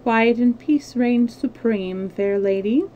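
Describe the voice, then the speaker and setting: A woman reading the lines of a sly, sarcastic French male agent in a smooth, mocking voice. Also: on the high side, slow pace, dull audio, a little hiss or hum. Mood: sardonic. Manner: smooth, mocking, quietly menacing.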